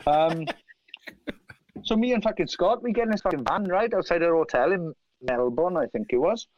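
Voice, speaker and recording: A man from South Wales with a Welsh accent, telling animated, profane anecdotes and acting out other people's lines. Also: fairly high pitch, normal speed. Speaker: guest musician. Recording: dry, slightly dull lo-fi sound.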